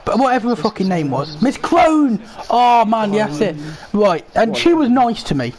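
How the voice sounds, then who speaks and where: A young man talks in a loose, rambling way, swearing often. His voice sits high and leaps about in pitch. He sounds animated. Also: normal speed, a crowd in the background. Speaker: host. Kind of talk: casual chat while playing a football game.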